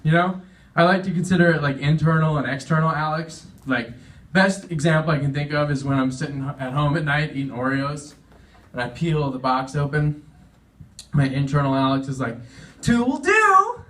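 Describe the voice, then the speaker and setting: A man's voice: fairly high pitch, fairly even intonation, fairly quick, distant mic. A young man doing a self-deprecating stand-up comedy set on stage, chuckling at his own jokes and acting out voices. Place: veterans' hall stage.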